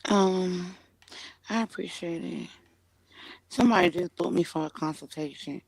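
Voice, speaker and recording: A woman who works as a relationship consultant, explaining her work in a calm, measured way. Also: lowish voice, husky, no room sound. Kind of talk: casual chat.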